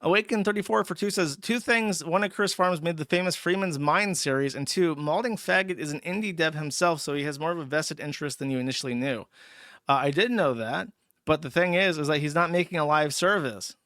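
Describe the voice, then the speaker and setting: A man with a bright, forceful voice runs a livestream, reading out viewer messages and firing back crude, sneering remarks. His voice sits a bit high for a man and sounds dry and close to the mic, with no room sound. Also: brisk, no room sound. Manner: profane, sneering, blunt. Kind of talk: crude mocking livestream commentary.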